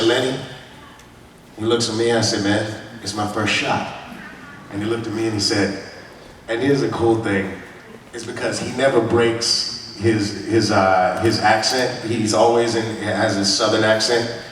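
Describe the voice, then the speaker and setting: Animated man telling stories in an echoey hall. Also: mid-range voice, recorded from a distance, background noise. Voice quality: animated and playful, laughs often. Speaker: actor on a convention panel. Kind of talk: casual storytelling to an audience. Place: large convention hall. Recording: echoey hall, mic heard from afar.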